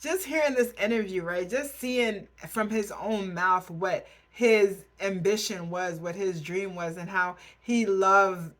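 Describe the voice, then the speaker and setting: A woman's voice: mid-range voice, measured pace, few pauses. A woman hosting a reaction video, talking effusively and chattily while holding back tears. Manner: effusive, chatty, heavy use of "like". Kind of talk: casual reaction commentary.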